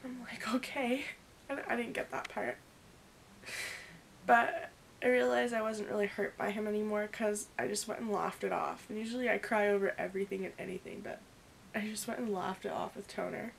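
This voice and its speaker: A young woman in her early twenties telling a story in a casual vlog, rambling and animated, acting out the quoted dialogue. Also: medium pitch, normal speed, creaky, slight background noise. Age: young adult. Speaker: vlogger.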